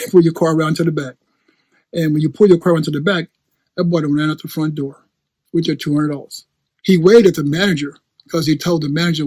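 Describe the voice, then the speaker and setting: A male preacher with a husky voice, set a little higher than most men. He tells a story in an animated way, repeats his phrases and laughs often. The sound is dry and close. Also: no echo. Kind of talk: storytelling sermon.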